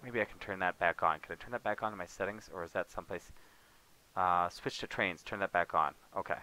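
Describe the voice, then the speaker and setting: A man's voice: low-pitched, brisk, bright, forceful tone. A man streaming a farming game, muttering wry casual commentary to himself as he plays. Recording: noisy background.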